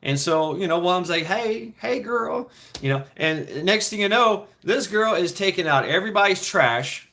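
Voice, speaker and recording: A man's voice: high-pitched, expressive, moderate pace, few pauses, bright, forceful tone. A middle-aged man telling rambling, profane stories in a casual chat, with frequent restarts. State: foot injured, limping.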